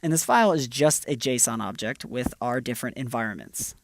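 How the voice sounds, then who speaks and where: A man's voice: medium pitch, animated, fairly quick, vocal fry, no room sound, clean studio sound. A man presenting a screencast tutorial, walking through each step in an upbeat, casual way. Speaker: developer advocate presenting a tutorial.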